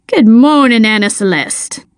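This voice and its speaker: A woman's voice: fairly high pitch, animated, unhurried, smooth, no room sound, studio quality. A woman voicing a genial, courtly small-town mayor in an audiobook.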